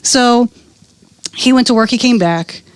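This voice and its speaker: A woman comedian in her thirties telling her life story candidly, profane and animated, acting out the people she quotes. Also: a little high, a little slow, dry recording. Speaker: interview guest, comedian.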